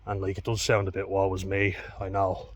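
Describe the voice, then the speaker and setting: A man's voice: low-pitched, completely flat delivery, fairly quick, slight background noise. A man telling a personal story in a blunt, candid way, swearing often. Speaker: vlogger.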